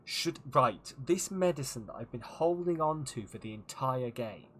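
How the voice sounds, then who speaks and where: A male streamer talks casually over a game, joking and riffing on silly voices. His pitch moves up and down a lot. A faint hum sits under the recording. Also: animated, normal speed, a bit bright. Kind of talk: casual gameplay commentary.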